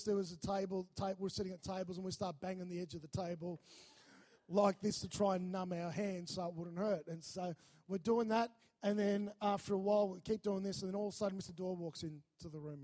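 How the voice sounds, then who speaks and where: High-voiced pastor telling a story. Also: male voice, a little fast. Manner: animated, acts out voices in his stories. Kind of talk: sermon storytelling.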